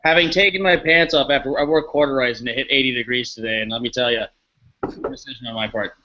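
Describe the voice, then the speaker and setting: A man's voice: mid-range voice, steady tone, fast, dull audio, background noise. A man guest on a casual live panel chat, wry and teasing.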